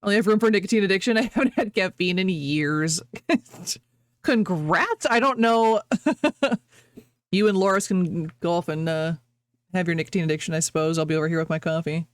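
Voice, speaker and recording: A woman's voice: on the low side, fairly quick, no echo. A woman streamer chatting casually with her viewers, rambling, laughing often and breaking off mid-sentence.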